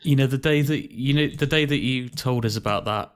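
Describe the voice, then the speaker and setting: A man chats loosely as the host of a friendly podcast, often breaking into laughter. His voice sits at an ordinary middle pitch. He drops the odd casual swear word. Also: brisk, clear, resonant tone. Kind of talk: casual chat among friends.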